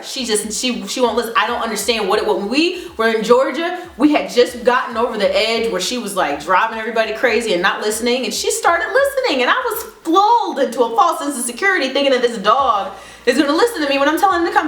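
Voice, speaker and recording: A woman vlogger telling a story in a casual, animated way, laughing often. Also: fairly high pitch, fast. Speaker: beauty vlogger. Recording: roomy echo, faint music.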